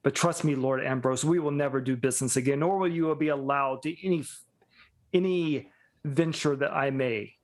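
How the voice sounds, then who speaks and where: A man's voice: mid-range voice, normal speed, close to an everyday voice. A man voicing a stern baron who delivers cold, commanding threats. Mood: threatening. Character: stern, menacing baron, middle-aged man.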